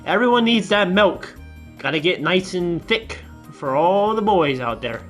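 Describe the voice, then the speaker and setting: Goofy high-voiced gaming streamer. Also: male voice, animated, a little slow, a bit bright, faint music behind. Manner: goofy, joking. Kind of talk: casual gameplay chatter.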